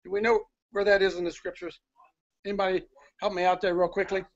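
A man's voice: sits high, little pitch movement, quick pace, lo-fi sound. A man hosting a casual show from inside his house on his phone, talking in a rambling, apologetic way. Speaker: host. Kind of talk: casual live-stream chat. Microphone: phone held by the speaker.

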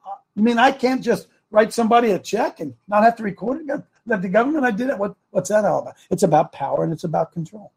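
Husky high-voiced male preaching host. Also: darkish tone. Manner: emphatic, repeats lines, slows down for emphasis. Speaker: talk show host. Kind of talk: preaching political talk show. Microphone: studio microphone.

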